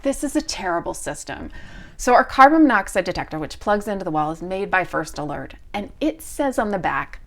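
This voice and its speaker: A middle-aged woman hosting a podcast, telling a story in an animated way and acting out both sides of a conversation. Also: on the low side, brisk. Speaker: podcast host. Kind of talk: storytelling monologue.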